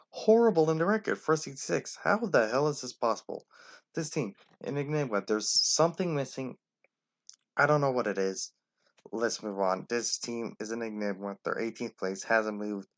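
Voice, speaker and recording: A man's voice: mid-range voice, moderate pace. A man giving casual, opinionated rankings commentary and talking straight to the teams. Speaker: sports commentator.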